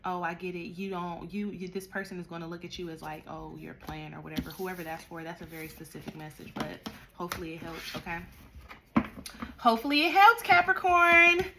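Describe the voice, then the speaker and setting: A woman doing a tarot card reading, talking straight to the listener in a direct, animated way and scolding them at times. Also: on the low side, fast, background noise. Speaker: tarot reader.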